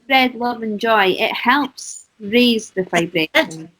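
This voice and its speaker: Woman talking slow with a husky voice, calm, keeps agreeing. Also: fairly high pitch, rough recording. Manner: calm, affirming listener. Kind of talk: casual chat.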